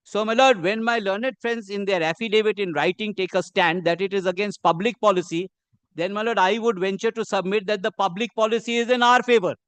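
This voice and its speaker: A man with an Indian English accent, arguing a case before a judge in measured, deferential courtroom speech. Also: high-pitched, fairly bright tone, smooth, no room sound. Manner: measured and deferential, says "my lord" constantly. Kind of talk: formal courtroom argument.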